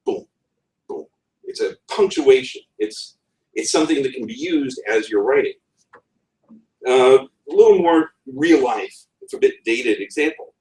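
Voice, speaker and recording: A man's voice: mid-range voice, lively intonation, measured pace, a little mellow. A man giving a conference talk on writing, with wry asides and a chuckle in his voice. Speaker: conference speaker. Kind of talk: presentation on writing. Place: conference room. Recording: roomy, from far off the mic.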